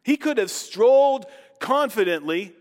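A man's voice: high-pitched, animated, a little slow. Man preaching in a reverberant hall. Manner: reflective, asks rhetorical questions. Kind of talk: scripture reading and sermon.

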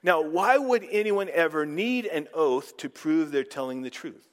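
A man's voice: a little high, lively intonation, a little slow, in a large hall. A man preaching a sermon in a conversational way, often putting questions to the audience.

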